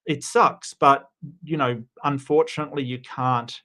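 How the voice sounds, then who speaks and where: Australian man, livestream host, casual chat, loose rambling talk, frequent restarts, mid pitch. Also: steady tone, unhurried, pushed and bright. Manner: chatty, frequent restarts and fillers, greets viewers by name.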